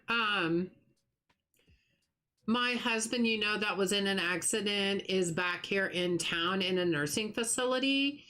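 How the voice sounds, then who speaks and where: Chatty, sympathetic woman streaming a game. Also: mid-range voice. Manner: warm, sympathetic, chatty with restarts. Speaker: livestream host. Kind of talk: casual chat while gaming, reading chat.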